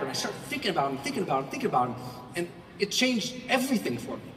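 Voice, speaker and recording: High-voiced man speaking in a big hall. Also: sing-song, rapid-fire, slight background noise. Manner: swings from hushed reflection to shouted bursts; acts out mocking quoted voices. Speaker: motivational speaker. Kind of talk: motivational keynote speech. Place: large hall. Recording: echoey hall from far off.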